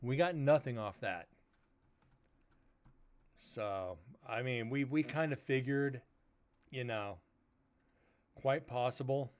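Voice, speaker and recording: A man hosting a paranormal livestream, chatting casually and rambling a little, with a loud voice that he says carries far. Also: mid-range voice, slow, pauses often. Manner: rambling, laid-back talk with fillers. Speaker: paranormal investigator host.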